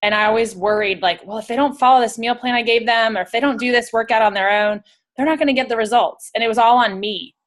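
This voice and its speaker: A woman's voice: on the high side, quick pace. A woman health coach and former trainer giving a thoughtful, casual explanation.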